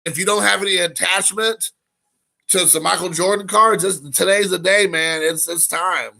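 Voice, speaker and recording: Gravelly, rambling male stream host. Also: sits high, fairly even intonation, normal speed, bright, forceful tone. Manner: rambling, frequent fillers, reads chat aloud. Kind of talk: casual live stream chat.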